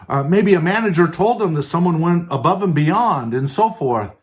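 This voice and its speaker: A man hosting a podcast and giving an earnest motivational talk on leadership, asking the listener questions and often adding "right?" and "and so forth". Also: a little high. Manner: earnest, stresses words by tone, asks listeners questions; many fillers like "right?" and "and so forth". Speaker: podcast host.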